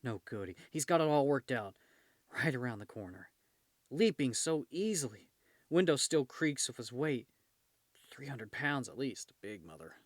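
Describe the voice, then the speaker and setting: A man reading a hushed vigilante monologue. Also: medium pitch, expressive, moderate pace, dry recording, clean studio sound, natural voice. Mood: tense, focused.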